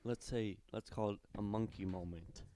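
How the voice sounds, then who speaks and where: A man's voice: on the low side, steady tone, moderate pace, dark tone, slight background noise. A young man co-hosting a casual podcast, asking laid-back questions. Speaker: podcast co-host. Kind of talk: casual chat.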